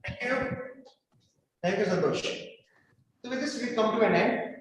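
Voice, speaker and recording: A man hosting an online club meeting, speaking in a measured way and repeating questions slowly over a video call. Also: high voice, noisy background. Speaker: meeting host (Toastmaster). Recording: echoey room from far off.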